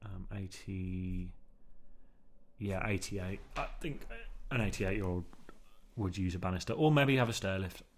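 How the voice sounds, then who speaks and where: His voice sits low and moves a little slowly. While checking out a new mic, this vlogger wanders through a rambling monologue, stumbling over ums and restarts and repeatedly saying "man".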